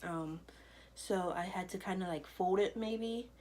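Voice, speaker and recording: A woman's voice: lowish voice, unhurried, darkish tone, slight background noise, low-quality recording. A young woman telling a personal story to camera in a loose, chatty way, full of fillers. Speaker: vlogger.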